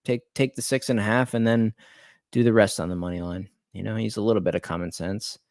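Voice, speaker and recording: A man's voice: fairly low pitch, fairly even intonation, a little fast, darkish tone, no echo, studio quality. A young man ranting on a late-night live stream about sports betting, swearing and repeating himself as he vents. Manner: agitated, swearing, repeats words.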